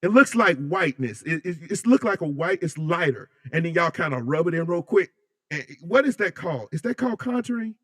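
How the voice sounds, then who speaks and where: Animated, joking man hosting a livestream. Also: on the high side, fairly quick, dry recording, clean studio sound. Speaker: livestream host. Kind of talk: casual live chat reading comments.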